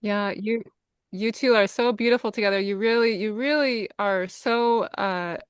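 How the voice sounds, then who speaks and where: A woman guest on a podcast, speaking in a warm, affirming and reflective way with gentle hesitations. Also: medium pitch, moderate pace, clear, resonant tone, dry recording, clean studio sound. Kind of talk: casual conversation.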